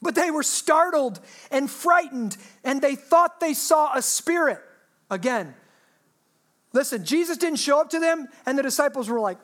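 High-voiced woman preaching a lively sermon. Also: moderate pace. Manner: lively, humorous, asks the audience rhetorical questions. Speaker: pastor.

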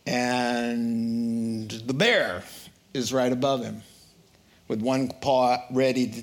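Animated slow-paced male preacher. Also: mid-range voice. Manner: animated, acts out characters in quotes. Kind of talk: sermon with a told joke.

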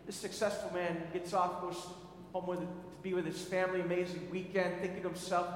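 A man's voice: high-pitched, little pitch movement, a little fast. A man preaching a sermon, telling a story in a conversational way with frequent restarts, in a large hall. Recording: echoey hall, faint noise.

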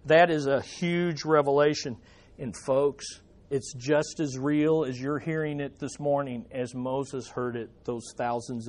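A man preaching a sermon at a church service, animated, putting rhetorical questions to the congregation. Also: medium pitch. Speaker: pastor.

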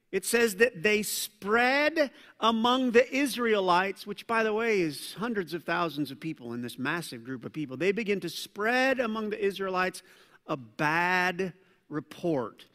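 A male pastor preaching a sermon in a large church, an animated storyteller who acts out the scenes he describes. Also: sits high, a little slow, long reverb tail.

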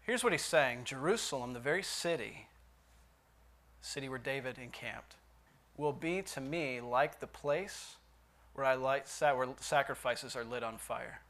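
A man's voice: medium pitch, a little slow, fairly bright tone. A man teaching a Bible study lesson in a conversational way, asking his listeners questions and reading scripture aloud with emphasis.

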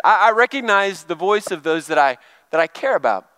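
A man's voice: fairly high pitch, lively intonation, fast, pushed and bright, smooth, no echo. A middle-aged male pastor giving a chatty, conversational sermon and asking the congregation questions. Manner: chatty, asks the crowd questions.

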